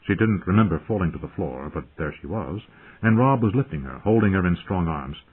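A man narrates an audiobook in a measured, dramatic way. His voice sits low and sounds husky. The recording is thin and tinny, like a phone line. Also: lively intonation.

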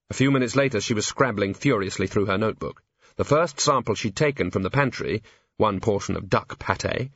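Husky man narrating a story. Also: medium pitch, fairly bright tone, no room sound, highs cut off. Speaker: audiobook narrator. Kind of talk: scripted narration.

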